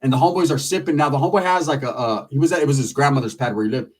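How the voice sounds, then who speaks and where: A man's voice: medium pitch, very fast, distant mic. Profane man telling a street story. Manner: loose street slang, animated with lots of acted quotes.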